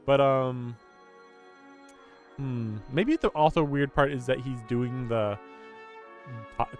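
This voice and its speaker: A man streaming a story game who talks through it casually, rambling and picking at what he hears and laughing often. His voice is of middling pitch, with faint game music under it. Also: slow. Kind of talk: casual game reaction commentary.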